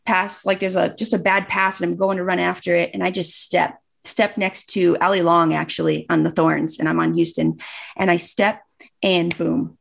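A woman's voice: fairly low pitch, level tone, moderate pace, creaky. A woman in her thirties, a guest, earnestly telling a personal story in casual conversation and acting out remembered dialogue.

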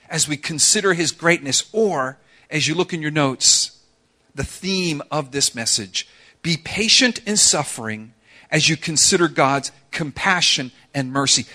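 A man in his thirties preaching a sermon, telling a story with lively swings from loud to soft. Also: a little high. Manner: animated storytelling with dramatic drops to soft voice. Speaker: pastor.

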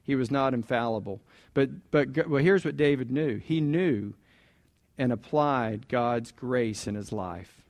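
A man's voice: medium pitch, a little slow, darkish tone. A man preaching a sermon in a conversational way, asking the congregation questions and repeating key points. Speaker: pastor.

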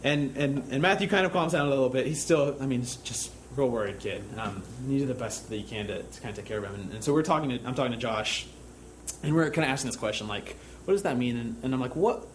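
Talking at a quick pace, a young camp counselor with a medium-pitched voice gives a church talk that feels like a conversation. He relates a camp story, often restarting and using fillers, with a bit of background noise audible.

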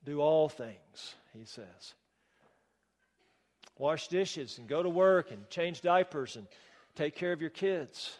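A man's voice: on the high side, lively intonation, takes it slowly, pauses often. A man preaching a sermon as pastor, emphatic and rhetorical, with touches of wry humor. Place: church sanctuary. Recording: long reverb of a church hall.

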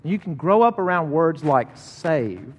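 Middle aged pastor guy preaching, chatty storytelling, slightly high voice, big echoey church hall. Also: unhurried, slightly rough. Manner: conversational, animated when retelling a story. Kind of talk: sermon with storytelling. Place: church sanctuary. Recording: long reverb of a large hall.

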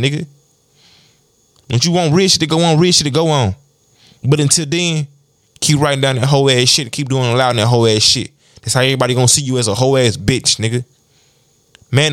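A man's voice: mid-range voice, no echo, studio quality. A man hosting a podcast, giving a blunt, profanity-heavy motivational monologue. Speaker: podcast host.

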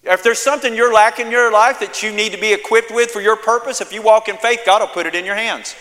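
A man's voice: sits high, fast, pushed and bright, big-room sound. A man preaching a sermon as pastor, emphatic, with repeated phrases and calls for an amen from the congregation. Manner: emphatic preaching with repetition and call-and-response.

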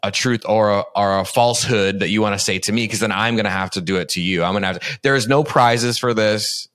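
A man's voice: lowish voice, quick pace, fairly bright tone. Laughing, foul-mouthed male podcast host. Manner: swears freely, laughs often, playful. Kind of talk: casual chat.

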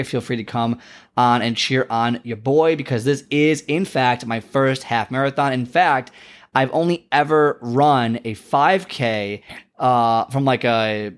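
A man hosting his own podcast, telling a story in a rambling, chatty way full of fillers and self-deprecating asides. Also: medium pitch. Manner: rambling and chatty, heavy with "like" and "you know". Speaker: podcast host. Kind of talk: casual solo podcast monologue.

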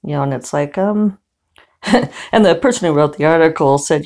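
A woman's voice: low-pitched, normal speed, long pauses, a little mellow. A woman novelist chatting casually to her viewers in a wry, rambling way, with many fillers. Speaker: novelist and vlogger. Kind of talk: casual chat to camera.

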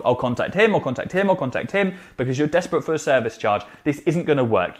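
A man giving direct, emphatic coaching advice in a vlog, often adding "okay?" to press a point. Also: mid-range voice. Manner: emphatic, repeats "okay?" to drive points home. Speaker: social media marketing coach.

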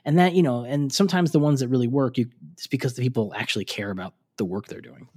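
A man's voice: mid-range voice, fast talker, husky. A middle-aged man, co-hosting a podcast and telling stories with lots of laughs. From United States. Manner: animated storyteller, laughs often, acts out quotes. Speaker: podcast co-host. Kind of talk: casual chat.

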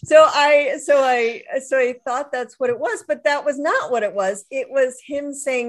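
A woman's voice: sits high, unhurried, hardly any pauses. A middle-aged woman, a widowed author, talking in a casual interview in a reflective way, often restarting her sentences. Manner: warm, reflective, with frequent restarts and soft laughs. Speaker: author and guest.

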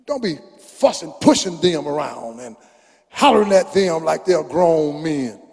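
An older man preaching a fervent sermon in a church, rising into shouts and song-like chanting. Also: a little high, animated, measured pace, creaky, faint music behind. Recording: long reverb of a large hall.

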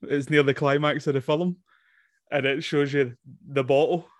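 A man co-hosting a casual film review podcast, excitable and laughing a lot. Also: on the high side, normal speed, no room sound, studio quality. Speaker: podcast co-host.

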